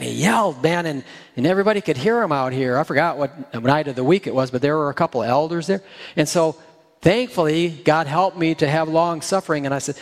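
Folksy pastor preaching in a reverberant hall. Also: male voice, a little high, brisk. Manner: folksy, joking asides. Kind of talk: sermon.

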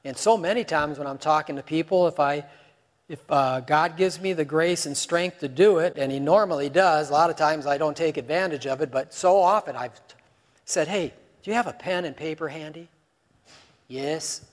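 A man's voice: on the high side, normal speed, long reverb tail. A man preaching a sermon in a conversational way, full of rhetorical questions.

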